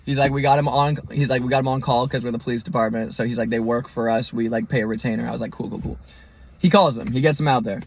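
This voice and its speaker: A young man hosting a podcast, telling a story in an animated, profane way and mimicking the people in it. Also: mid-range voice, fast. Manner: animated, profane, mimics others in quoted lines. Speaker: podcast host. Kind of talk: storytelling monologue.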